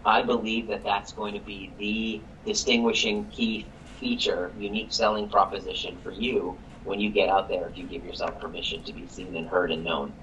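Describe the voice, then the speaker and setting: A man, a chiropractic coach and guest, telling a story on a live call in an energetic way, quoting people as he goes. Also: lowish voice, normal speed, hardly any pauses, highs cut off, a little hiss or hum. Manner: energetic, quotes people in the story, repeats words when excited.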